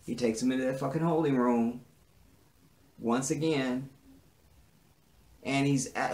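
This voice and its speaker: A man's voice: mid-range voice, unhurried, pauses often. A man giving a casual, profane recap to camera, acting out the dialogue with lots of energy. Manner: animated, profane, acts out the dialogue. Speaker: TV episode reviewer. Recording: echoey room.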